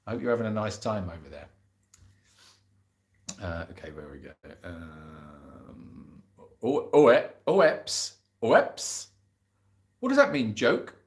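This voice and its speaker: A man's voice: deep voice, huge pitch swings, a little slow, pauses often. An English man hosting a casual live question-and-answer chat for an animal sanctuary, rambling and laughing at himself as he reads out viewer messages. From England. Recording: roomy echo.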